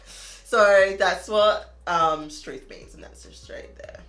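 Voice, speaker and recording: Aussie woman rambling about eyeshadow, kinda low voice, echoey room w faint music behind. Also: fairly even intonation, takes it slowly, fairly bright tone. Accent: Australian. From Australia. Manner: chatty, lots of "like", laughs at herself. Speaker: beauty vlogger. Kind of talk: casual makeup review chat. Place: home room.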